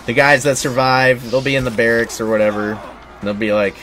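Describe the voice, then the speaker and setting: A man's voice: mid-range voice, level tone, brisk, fairly bright tone. A young man hosting a gaming video, giving casual gameplay commentary, laughing constantly and swearing as he rambles jokes. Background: game music and battle sounds.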